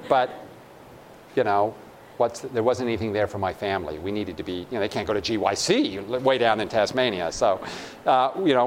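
A man's voice: on the low side, slight background noise. A middle-aged man sharing a personal faith testimony in an earnest, conversational way, acting out his own thoughts as he tells the story.

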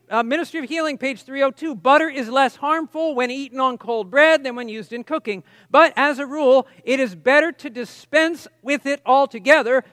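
A man's voice: extremely high pitch, fairly bright tone, dry recording, long reverb tail. A man preaching a teaching sermon, talking conversationally with asides and reading quotations with emphasis. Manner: conversational, explains with asides and reads quotes emphatically.

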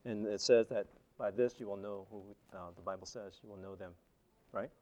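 A man's voice: on the low side, steady tone, normal speed, a little mellow. A man presenting at a seminar, telling stories from his slides in a chatty, conversational way with frequent restarts. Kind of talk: casual slide presentation storytelling.

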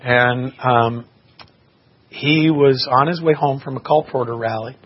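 Male preacher, mid-pitched, earnest testimony; dull lo-fi recording with faint hiss. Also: fairly even intonation, measured pace, slightly rough. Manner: earnest, impassioned storytelling. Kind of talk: sermon with personal testimony. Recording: muffled recording with faint background noise.

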